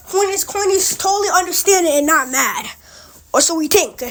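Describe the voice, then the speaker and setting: Chatty, very high-voiced woman storyteller. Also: moderate pace, a bit bright. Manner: rambling, chatty asides. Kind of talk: casual story narration. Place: small recording closet.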